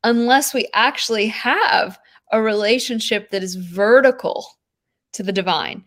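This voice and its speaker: A woman's voice: on the high side, measured pace, fairly bright tone. A woman talking about spiritual practice in an earnest, rambling way, full of "like" and "you know". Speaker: podcast guest. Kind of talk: spiritual conversation.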